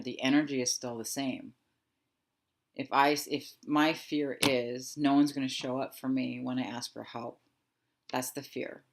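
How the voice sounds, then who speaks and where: A woman in her thirties giving a guided reflective talk as a wellness coach, speaking softly and slowly with thoughtful pauses. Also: rumbling low. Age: 30s. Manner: soft, slow and reflective, with pauses.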